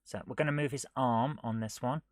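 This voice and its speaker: A man streaming himself coding a retro game live, thinking aloud, muttering half to himself and scolding his software. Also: mid-range voice, brisk, no echo, studio quality. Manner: muttering to himself while he works, often dropping to a near whisper; chatty and self-mocking, scolding the software.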